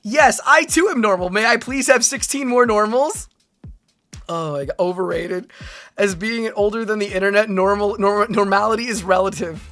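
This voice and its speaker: A woman in her thirties streaming as a VTuber, chatting excitably with her viewers, laughing often and breaking into squealing exclamations. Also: mid-range voice, moderate pace, soft background music. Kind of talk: livestream reaction chat.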